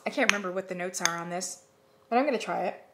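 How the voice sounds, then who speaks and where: A woman chatting casually to camera as she reviews candles, animated, now and then dropping to a whisper. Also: mid-range voice, fast, background noise. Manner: chatty, animated, swearing, drops into whispers and mock voices.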